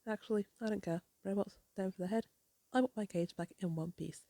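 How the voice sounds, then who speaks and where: A woman reading the lines of a scheming male mad-scientist villain from a comic, in a lightly gravelly voice. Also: medium pitch, fairly quick, dark tone, dry recording, natural voice. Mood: annoyed. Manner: read aloud from comic panels.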